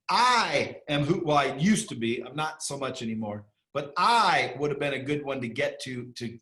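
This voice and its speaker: A man speaking as an interview guest in a blunt, emphatic way, firing off questions and swearing casually. His voice sits at a medium pitch. The recording carries a noticeable room echo. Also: a bit bright. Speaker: interview guest, sales training entrepreneur. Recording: echoey room.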